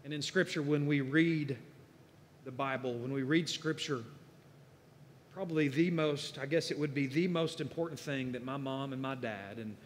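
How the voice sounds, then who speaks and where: A man preaching a sermon in a conversational way, building to emphatic bursts and then dropping low and quiet. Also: normal speed, a little hiss or hum. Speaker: guest preacher. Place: church sanctuary. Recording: church hall reverb.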